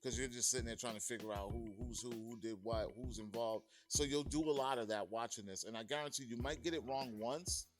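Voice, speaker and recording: A man's voice: medium pitch, a little fast, hardly any pauses, music in the background. A man from Massachusetts reviewing a film in a loose, chatty way, full of fillers and restarts and plainly enthusiastic. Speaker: movie reviewer. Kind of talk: casual video review.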